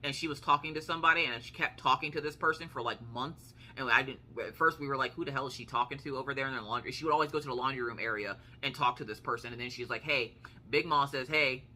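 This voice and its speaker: Chatty woman with a bright voice. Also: extremely low pitch, rapid-fire, hardly any pauses, a little hiss or hum. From United States. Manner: chatty, swears casually, acts out quotes. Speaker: vlogger. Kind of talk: casual storytelling.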